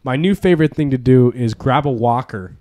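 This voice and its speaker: A man's voice: medium pitch, brisk, a little mellow. Man making dry quips on a podcast. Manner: dry quips, chimes in with jokes. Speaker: podcast co-host. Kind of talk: casual chat.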